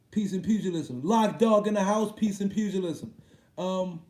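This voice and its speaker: A man's voice: sits high, normal speed, darkish tone. A man hosting a casual boxing live stream, talking loosely, swearing and laughing often. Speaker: boxing livestream host. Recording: echoey room.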